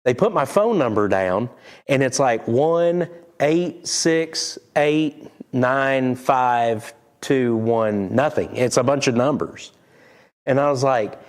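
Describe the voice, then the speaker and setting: A middle-aged man talks loosely and folksily, like a pastor visiting with his church. He rambles and chuckles as he goes, in a mid-pitched voice that rises and falls a great deal. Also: animated, takes it slowly. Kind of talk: casual chat with the congregation.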